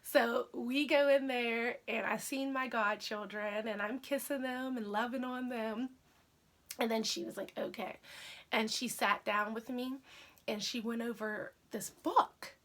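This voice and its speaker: A woman's voice: on the high side, measured pace. Chatty woman telling a story. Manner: chatty, animated, says "literally" often. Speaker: independent accessories consultant. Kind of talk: casual storytelling vlog.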